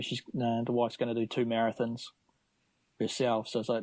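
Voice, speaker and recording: A man's voice: medium pitch, completely flat delivery, normal speed, a little mellow, no echo, poor audio. Easygoing Kiwi man, dry close sound. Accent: New Zealand. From New Zealand. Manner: easygoing, chatty, laughs often. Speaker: podcast guest, triathlete. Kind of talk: casual interview chat.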